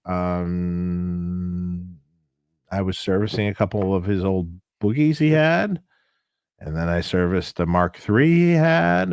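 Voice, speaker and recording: Casting note: low-pitched male co-host, animated chatter, dry close sound. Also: clear, resonant tone, no echo. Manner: animated, acts out quotes in a high voice. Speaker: co-host, amp technician. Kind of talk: casual chat.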